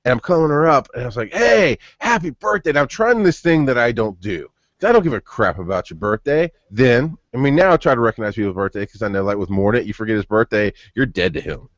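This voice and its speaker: A man's voice: mid-range voice, lively intonation, fast talker, hardly any pauses, dry recording. A man in his thirties hosting a podcast, telling long personal stories with many restarts. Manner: rambling storyteller with frequent restarts. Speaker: podcast host. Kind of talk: casual chat. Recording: dull lo-fi podcast audio.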